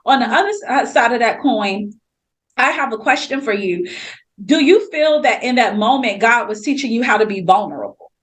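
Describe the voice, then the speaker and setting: A woman's voice: on the high side, lively intonation, normal speed. A woman hosting a faith podcast, talking in a candid, emphatic way and cutting in with exclamations. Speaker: podcast host. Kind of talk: casual faith podcast conversation.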